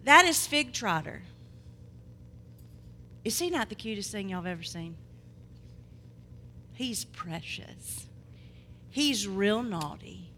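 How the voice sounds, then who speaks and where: Animated woman preaching in a reverberant hall. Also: mid-range voice, slow pace, long pauses, a little hiss or hum. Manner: animated, swings between loud proclamation and quiet asides. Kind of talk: sermon. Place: church hall.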